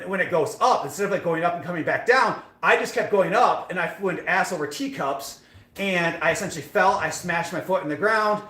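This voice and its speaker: Young guy streaming, rambles fast, lots of likes and ums, echoey room. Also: on the high side, fairly bright tone. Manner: rambling, self-deprecating storytelling with many fillers. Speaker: fitness streamer. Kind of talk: casual live-stream chat.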